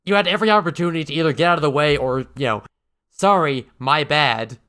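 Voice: medium pitch, lively intonation, very fast, a bit bright. A man co-hosting a podcast, chatting casually and wryly, with many fillers and restarts. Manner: rambling, lots of fillers and restarts, wry. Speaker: podcast co-host. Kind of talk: casual chat.

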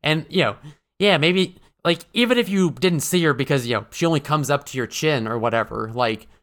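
In a casual, wry podcast chat, a male co-host rambles, using lots of fillers and starting over frequently. He speaks a little fast, with lively intonation and a fairly bright mid-range voice.

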